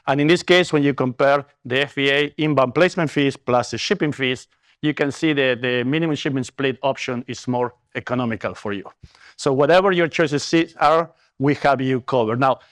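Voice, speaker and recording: A man's voice: medium pitch, dry recording, clean studio sound. A man with a Latin American accent presenting at a business conference, earnest and upbeat, with fillers and self-corrections. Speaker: company executive presenter.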